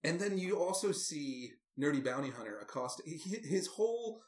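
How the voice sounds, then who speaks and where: Male podcast co-host, slightly higher voice, wry recap patter, echoey room. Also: big pitch swings, moderate pace. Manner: wry, recounting scenes with amused asides. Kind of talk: casual movie recap chat.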